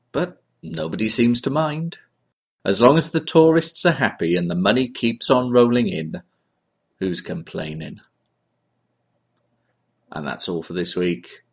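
A man reading a scripted piece in a dry, deadpan way. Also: low-pitched, husky. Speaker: story contributor. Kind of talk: scripted narration.

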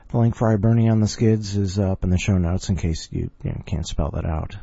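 A man's voice: low voice, normal speed, creaky, warm tone, breathy edge, dry recording, muffled recording. A man hosting a podcast and introducing stories in a jokey, rambling way. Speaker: podcast host.

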